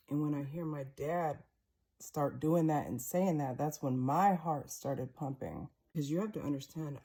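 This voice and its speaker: Low, dark-voiced woman telling a story. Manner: conversational, vivid retelling. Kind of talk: personal storytelling vlog.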